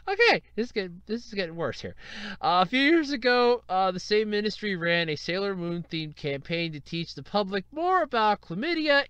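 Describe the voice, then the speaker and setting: A man hosting his own podcast, talking alone and animated, who keeps breaking into helpless laughter. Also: sits high, clear, resonant tone, no echo. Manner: animated, exaggerated and self-deprecating. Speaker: podcast host. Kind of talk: solo podcast commentary.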